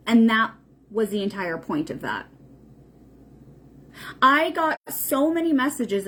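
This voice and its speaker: A woman with a fairly high voice that swings widely in pitch. She talks bluntly and unscripted, swears freely and hammers her points home as a livestream host. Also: fairly bright tone, breathy edge. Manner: blunt, profane and emphatic. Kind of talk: casual unscripted livestream talk.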